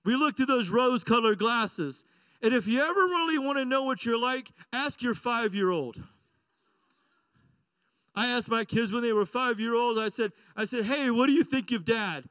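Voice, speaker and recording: A middle-aged man preaches with a high, bright voice. His delivery is conversational and playful, full of quick asides to the congregation. The sound is dry and close. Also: clear, resonant tone, dry recording, rough recording. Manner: conversational, joking, asks the congregation "right?" and "amen?". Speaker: pastor. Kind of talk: sermon.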